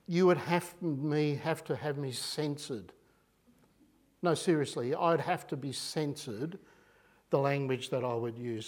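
With plenty of rhetorical questions, an Australian man gives an animated, talky sermon. His voice is pitched fairly high.

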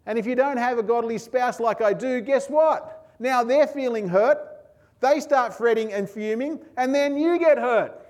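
Earnest high-voiced male preacher. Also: measured pace, a little mellow. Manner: earnest, repetitive preaching cadence with emphatic lists. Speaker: pastor. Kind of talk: sermon.

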